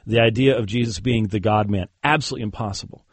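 This Christian debater talks fast in a husky, lowish voice, with no room sound in the recording. Interviewed as a guest in a conversational setting, he tells a story loosely, with plenty of fillers and asides he chuckles through.

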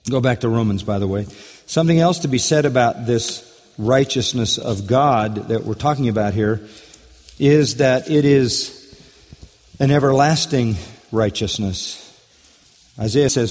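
A man's voice: mid-range voice, a little slow, a little mellow. A man preaching an expository sermon, repeating key phrases for emphasis and asking rhetorical questions. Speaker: pastor. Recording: long hall reverb.

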